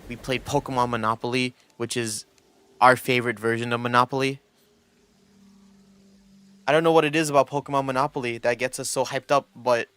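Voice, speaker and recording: A man's voice: medium pitch, fairly bright tone, clear, resonant tone, no room sound. A young man streaming and chatting casually, rambling with lots of restarts and quoted asides. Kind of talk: casual chat.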